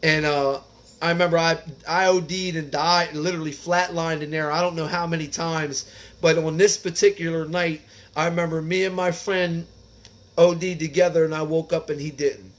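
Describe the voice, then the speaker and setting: A man's voice: a little high, fairly even intonation, normal speed, fairly bright tone. A man reading a recovery text aloud and breaking off into earnest personal commentary, talking casually and dropping in "man" and "like". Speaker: recovery speaker reading the Big Book.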